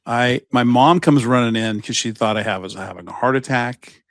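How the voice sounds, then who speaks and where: Recorded dry, this podcast co-host speaks at a medium pitch and moderate pace with vocal fry. In the studio, he rambles through a story in relaxed conversation, cursing freely.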